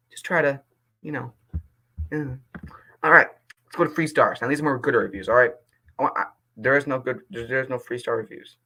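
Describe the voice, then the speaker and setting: A young man reading movie reviews aloud in a casual vlog, passionate and quick to get indignant, then apologizing. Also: mid-range voice, sharp tone, rough recording.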